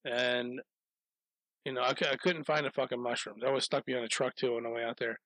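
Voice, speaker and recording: Man, casual storyteller, profane, rambling, dry close sound, mid pitch. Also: level tone, brisk, a bit bright, no room sound, low-quality recording. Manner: profane, rambling, laughs through anecdotes.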